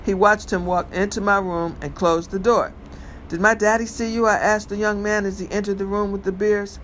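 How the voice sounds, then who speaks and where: A man reads a first-person novel aloud, steady and measured, now and then tripping over a word and restarting. His voice is bright and fairly high for a man. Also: slight background noise, rough recording. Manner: measured first-person storytelling with occasional stumbles. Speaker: reader.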